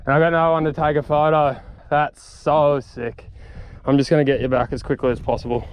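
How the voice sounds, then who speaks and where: Fishing vlogger, young man, mid pitch, excitable and sweary, faint noise behind. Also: a little slow, pauses often. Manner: excitable, swearing, talks to the fish. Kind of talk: excited solo fishing commentary. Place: outdoors on the water.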